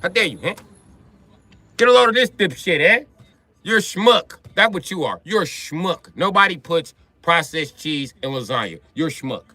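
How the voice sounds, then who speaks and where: A man voicing an angry Italian man scolding a cook, yelling indignant insults. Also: sits high, animated, fast, hardly any pauses, dry recording, heavily acted. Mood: outraged.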